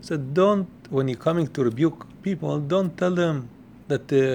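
A man teaching a Torah class who explains verses and commentaries, reeling off quotations quickly and repeating words as he goes. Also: a little high, darkish tone, a little hiss or hum.

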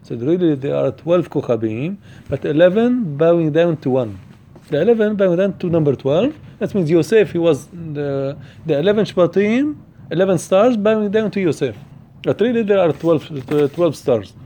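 A man teaching a Torah portion class. He chants Hebrew verses quickly, then explains them with rhetorical questions. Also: a little high, lively intonation, mellow, a little hiss or hum.

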